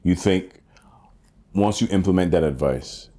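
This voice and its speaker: A man's voice: deep voice, a little slow, mellow. A man who co-hosts a comedy podcast, chatting casually, often repeating words and restarting his sentences. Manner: repeats words, stammering restarts, frequent agreeing. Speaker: podcast co-host and stand-up comic. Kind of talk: casual chat.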